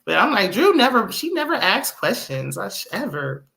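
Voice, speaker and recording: A young woman, casually recapping a movie with laughs and quick asides. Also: medium pitch, creaky. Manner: chatty, animated retelling with laughs and acted-out quotes. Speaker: movie review host.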